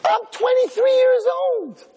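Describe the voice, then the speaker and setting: A man voicing a furious, betrayed young wife who shouts accusations in a shrill voice. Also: wildly swooping pitch, unhurried, husky, full character voice. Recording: long hall reverb.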